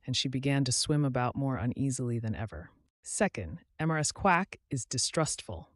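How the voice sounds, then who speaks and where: A man reading a children's storybook aloud with clear, gentle expression. His voice sits a little high, and the recording is dry and close with no room sound. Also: no echo. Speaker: audiobook narrator.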